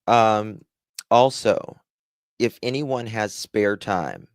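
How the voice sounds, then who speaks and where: A man's voice: on the low side, very slow, clear, resonant tone, no echo, studio quality. A man with a Southern accent hosting a casual live stream, rambling as he reads the chat aloud and thanks viewers. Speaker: livestream host.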